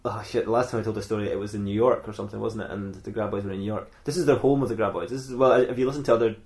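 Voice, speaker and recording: A man's voice: lowish voice, fairly even intonation, rapid-fire, darkish tone. A young man hosting a podcast, improvising a comic story in a rambling, giggly way with many fillers. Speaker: podcast host.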